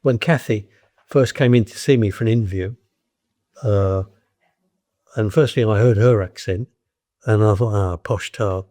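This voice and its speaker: A man's voice: fairly low pitch, moderate pace, long pauses, dark tone. An older man from East London with a Cockney accent, telling blunt anecdotes as a guest in a casual conversation. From East London, England. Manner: blunt, anecdotal, frequent restarts.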